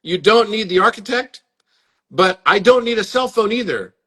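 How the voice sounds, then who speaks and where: A man's voice: high voice, lively intonation, moderate pace, pushed and bright, breathy edge. A man hosting a live stream chat, earnest and inviting, often repeating words as he talks. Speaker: host. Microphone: phone or webcam on a live stream.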